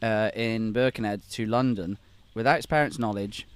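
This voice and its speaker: Relaxed man hosting a crime podcast. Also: on the low side, normal speed, clean tone. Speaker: podcast host. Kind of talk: casual true-crime chat. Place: a home garden outdoors.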